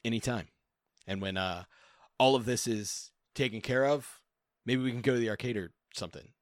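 A man playing a guarded young fighter who speaks tersely, halting and awkwardly kind. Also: medium pitch, no room sound, clean studio sound, natural voice. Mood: reassuring. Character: guarded young male fighter, stony but gentle.

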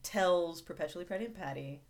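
A woman's voice: fairly low pitch, normal speed. A woman co-hosting a podcast, chatting casually and joking as she recaps a TV episode with a friend. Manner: wry, joking, laughs often. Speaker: podcast co-host.

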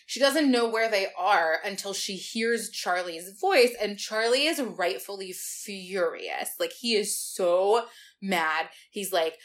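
A woman's voice: medium pitch, expressive, unhurried, fairly bright tone. A woman co-hosting a casual book podcast, recapping chapters with sarcastic asides and frequent swearing. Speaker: podcast co-host. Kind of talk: casual book-discussion chat.

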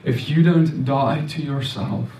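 A man's voice: mid-range voice, takes it slowly, darkish tone, distant mic. A man preaching a sermon in an earnest, repetitive way, often restarting and stammering over words. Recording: echoey room, voice off-mic.

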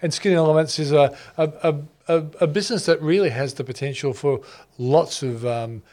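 An Australian man co-hosts a talk show, bantering casually and introducing guests with jokes and lots of fillers. His voice runs on the high side at normal speed and is a little mellow.

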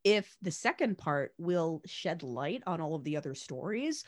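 A woman co-hosting a podcast, chatting casually and retelling a story in slangy, irreverent bits full of "like" and "um." Her voice sits a little low but moves a lot in pitch. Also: very animated, measured pace. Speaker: podcast co-host. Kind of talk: casual chat.

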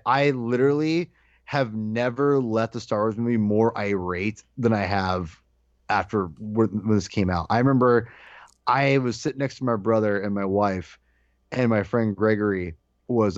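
A man in casual podcast chat, telling an animated story and acting out his own shouted lines. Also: medium pitch, dry recording. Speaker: podcast guest co-host. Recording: dull lo-fi dry sound.

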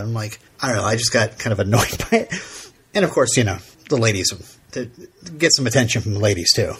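A man co-hosts a podcast in a fairly quick, sing-song voice of medium pitch, a bit bright and slightly rough. He chats casually and rambles, with plenty of fillers and restarts.

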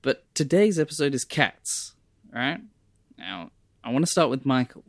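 A man hosting a casual podcast chat, playful and quick with laughing asides. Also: medium pitch, big pitch swings, no echo, clean studio sound. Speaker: podcast host.

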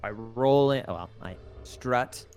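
A man's voice: mid-range voice, slow, a little mellow, faint music behind. A young man playing a tabletop game, goofy and laughing often. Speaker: player. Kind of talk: casual tabletop play.

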